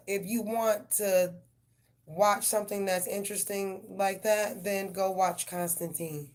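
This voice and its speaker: A woman's voice: lowish voice, darkish tone. A woman hosting a live tarot stream, chatting casually with viewers in a loose, profane, slang-filled way. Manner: addresses viewers directly.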